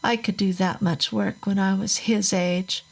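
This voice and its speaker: Woman playing a gruff bitter dad, bellowing, hard-drinking, slow delivery. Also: medium pitch, steady tone. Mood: grumbling. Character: bitter, hard-drinking factory-worker father.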